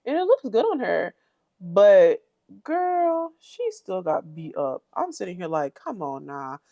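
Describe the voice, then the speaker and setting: A woman giving a casual, chatty recap of a reality show, often imitating the cast in a higher voice. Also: unhurried, dry recording, dull audio. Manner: chatty, animated, mimics cast members in high voices.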